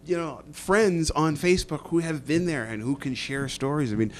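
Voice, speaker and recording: Actor guest, male, energetic and playful, radio interview. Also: fairly high pitch, moderate pace. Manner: animated, jokey, slips into voices. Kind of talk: casual interview chat. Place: radio studio.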